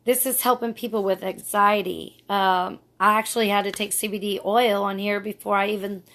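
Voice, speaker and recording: A woman's voice: mid-range voice, flat delivery, normal speed, a bit bright. A middle-aged woman vlogging casually, telling a personal story in an earnest, rambling way.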